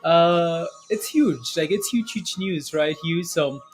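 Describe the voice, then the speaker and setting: A man's voice: on the high side, takes it slowly, soft background music. A man hosting a live stock market stream, greeting viewers by name in casual chat and often ending points with "right?". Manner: chatty, repeats himself, ends points with "right?". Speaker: livestream stock market host.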